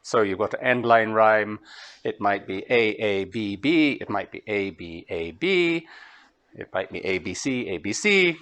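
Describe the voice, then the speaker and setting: Man, Scottish accent, lecturer, animated pitch, chants rhythms, lecture hall. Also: a little slow. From Scotland. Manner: lively, musical, hums rhythms aloud. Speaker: translator giving a master class. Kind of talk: lecture to students.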